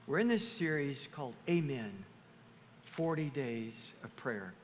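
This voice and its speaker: A man preaching a sermon to his church, animated, often acting out the voices of the people he quotes. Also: medium pitch, measured pace, a little hiss or hum. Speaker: pastor. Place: church sanctuary. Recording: reverberant hall, faint ambience.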